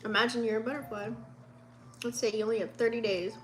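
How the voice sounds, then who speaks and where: A woman's voice: a little high, fairly even intonation, fast, slight background noise. A woman in her late thirties giving a casual, profane, heartfelt pep talk in a spiritual vlog, with many fillers. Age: 30s. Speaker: vlogger.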